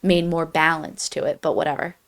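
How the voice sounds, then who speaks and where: A woman's voice: sits low, little pitch movement, fairly quick, vocal fry, a bit bright. A woman co-hosting a casual book podcast, chatty and opinionated, with many "like"s. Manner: chatty, opinionated, uses lots of "like". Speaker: podcast co-host.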